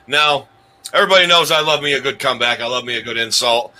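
A man's voice: on the high side, expressive, fast, sharp tone, low-quality recording. A man hosting a comedy countdown show, rambling with restarts and chuckling at his own jokes. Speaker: host.

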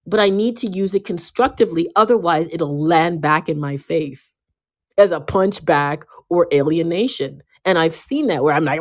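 A woman giving a casual motivational talk, emphatic and given to repeating herself, swinging between loud bursts and quiet asides. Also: low voice, normal speed. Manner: emphatic, often repeating and restarting words. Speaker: speaker giving a self-help talk.

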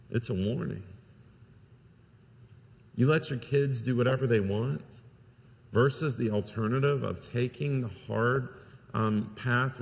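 Guy pastor preaching, mid-pitched voice, telling a story, echoey church hall. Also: creaky. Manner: earnest storytelling with many restarts. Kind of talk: sermon.

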